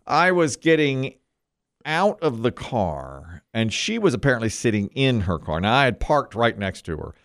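Animated storytelling man, lively pitch. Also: normal speed. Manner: animated, laughs often, puts on nasal voices. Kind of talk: casual chat, storytelling.

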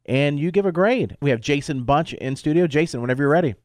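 A man's voice: a little high, lively intonation, fast. A man hosting a morning radio show, running the segment with playful, teasing banter. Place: radio studio.

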